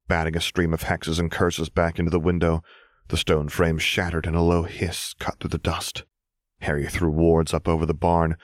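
A man reads fiction in a steady, even storytelling voice. His pitch sits very low. The recording is dry, close and without room sound. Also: dry recording. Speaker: audiobook narrator. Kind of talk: scripted fiction narration.

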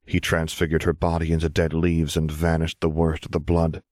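Male audiobook narrator, very low voice, steady, dry close recording. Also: moderate pace, dry recording. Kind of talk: scripted fiction narration.

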